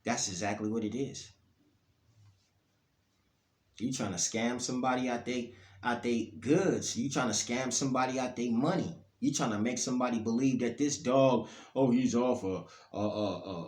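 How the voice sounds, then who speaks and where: Heated profane man ranting, roomy echo. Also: moderate pace. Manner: blunt, profane, heated, pitch and loudness swinging up and down. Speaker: dog breeder vlogger. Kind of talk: ranting monologue to camera.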